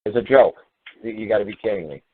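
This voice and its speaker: A man's voice: lowish voice, fast, breathy edge, dry recording. A man hosting a call-in talk show, scolding a caller in a profane, sarcastic way. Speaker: host. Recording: phone-quality radio audio.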